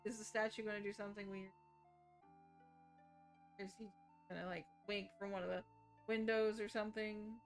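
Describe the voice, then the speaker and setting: A woman's voice: mid-range voice, little pitch movement, moderate pace, pauses often, faint music behind. A young woman streamer giving casual, joking commentary while playing a game. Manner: chatty, joking.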